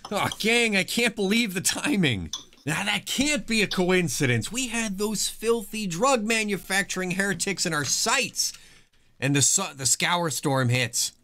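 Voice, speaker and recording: A zealous, heretic-hating male ally voiced by a man in a tabletop game, pitched well above ordinary speech and stretching his words with fervent, drawn-out emphasis. He rises louder on his exclamations. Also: lively intonation, full character voice.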